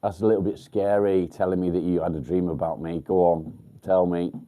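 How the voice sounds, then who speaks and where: An English man hosting a casual livestream, chatting bluntly with viewers, swearing freely and filling pauses with ums. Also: deep voice, fairly even intonation, phone-quality sound. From England. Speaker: livestream host. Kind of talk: casual live chat with viewers. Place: outdoors by a field.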